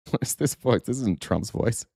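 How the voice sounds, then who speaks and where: A man's voice: mid-range voice, expressive, normal speed, vocal fry, a little mellow, no room sound, studio quality. A young man hosting a political commentary show, speaking sarcastically and swearing often. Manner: sarcastic, profane, laughs often. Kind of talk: casual reaction commentary.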